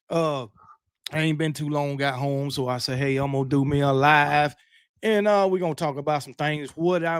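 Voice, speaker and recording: A man's voice: on the high side, no echo, studio quality. A man hosting a late-night live stream, chatting casually and greeting viewers from the chat. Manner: loud hype shouting, then laid-back reading of chat names.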